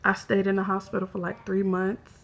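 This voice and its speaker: A woman speaking in a hesitant, halting way as she records a confessional personal vlog, emotional and close to tears. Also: mid-range voice, monotone, gravelly. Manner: hesitant, halting, soft-spoken. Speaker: vlogger.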